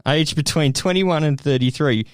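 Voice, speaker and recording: A man's voice: on the high side, moderate pace, clear, resonant tone, no echo, clean studio sound. A man, co-hosting a podcast and telling a news story in a jokey way. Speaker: podcast co-host. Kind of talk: casual chat.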